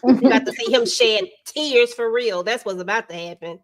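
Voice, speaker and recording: A woman's voice: a little high, normal speed. Blunt, playful woman co-host. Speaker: co-host of a live fan discussion. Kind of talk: casual live-stream chat.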